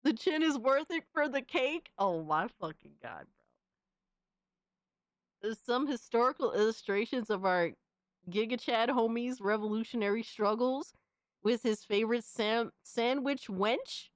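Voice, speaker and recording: A woman's voice: on the high side, animated, unhurried, dry recording, studio quality. A young woman streamer reacting casually to fan images, slangy and exclamatory, often laughing.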